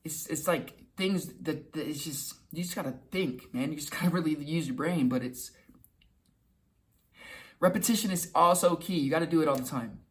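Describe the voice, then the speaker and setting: A man's voice: fairly high pitch, fairly bright tone. A young man giving casual motivational advice to camera, talking loosely and acting out little quoted exchanges. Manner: conversational, repeats himself, acts out quick quoted lines. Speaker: self-help video host.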